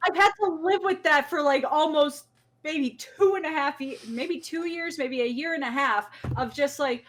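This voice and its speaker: A woman hosts a casual podcast chat with an animated, laughing delivery. Her voice sits a bit higher than most, and she often restarts a sentence when she gets excited. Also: normal speed. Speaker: podcast host.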